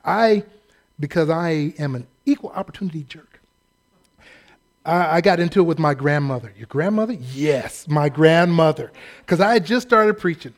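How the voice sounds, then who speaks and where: A pastor preaching a sermon in a humorous, conversational, self-deprecating way. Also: male voice, on the high side, expressive, moderate pace.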